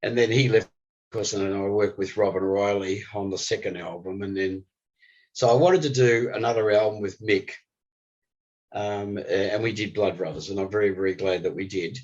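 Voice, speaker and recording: An older man, a guest musician telling animated stories in an interview. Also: lowish voice, normal speed. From Australia. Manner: animated storyteller, voice jumps up when excited. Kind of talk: storytelling interview. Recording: slightly dull lo-fi recording.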